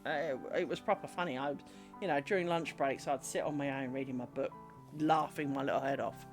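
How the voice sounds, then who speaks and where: A woman's voice: rumbling low, fairly quick. A woman chatting casually on a live craft stream, rambling through stories and muttering at herself as she works. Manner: mutters and scolds herself while working. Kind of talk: casual live-stream chat while working. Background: music playing.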